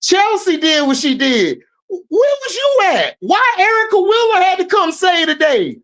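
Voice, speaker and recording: A woman hosting a sports talk show who tears into players with profane, animated commentary. Her voice sits high and swings widely in pitch, and she takes her time as she talks. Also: unhurried, shouting, low-quality recording. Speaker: sports podcast host.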